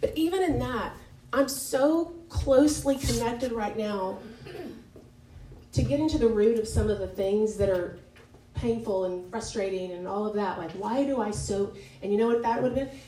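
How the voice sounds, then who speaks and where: Her voice slightly high and mellow, a women's Bible study leader offers an informal devotional teaching, candid and conversational with many fillers and self-corrections. The sound comes from a distance in an echoey church meeting room, with a little background noise.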